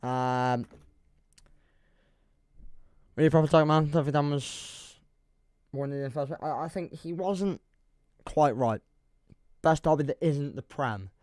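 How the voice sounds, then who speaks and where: A man's voice: fairly high pitch, a little slow, a little mellow, dry recording, clean studio sound. A young man with an English accent chatting casually on a football livestream, rambling and laughing as he reads the chat. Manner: rambling, self-deprecating, reads chat aloud, laughs often.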